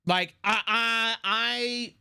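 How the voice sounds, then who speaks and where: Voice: mid-range voice, steady tone, very slow, gravelly, pushed and bright, clear, resonant tone. A live streamer chatting casually, swearing freely and restarting sentences often. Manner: rambling, swears freely, frequent restarts and fillers.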